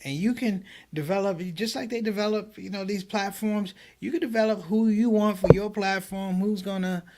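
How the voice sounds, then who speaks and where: A man who is a comedian, a guest on a live online show, telling stories in an animated way and quoting others in a raised voice. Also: sits high, normal speed, slight background noise. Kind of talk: livestream conversation.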